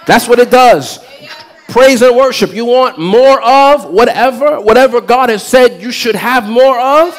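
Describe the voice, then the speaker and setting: Pastor, male, high voice, preaching with call-and-response and shouted peaks. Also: measured pace. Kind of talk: sermon. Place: church.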